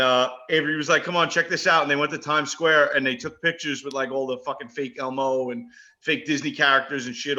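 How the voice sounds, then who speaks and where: A man's voice: mid-range voice, sharp tone. A man co-hosting a casual sports podcast, talking bluntly and emphatically with plenty of swearing. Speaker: podcast co-host.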